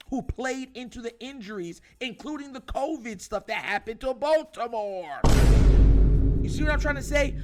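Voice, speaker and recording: A man hosting his own show, giving an emphatic, animated sports opinion monologue and calling his viewers y'all. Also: high voice. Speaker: host.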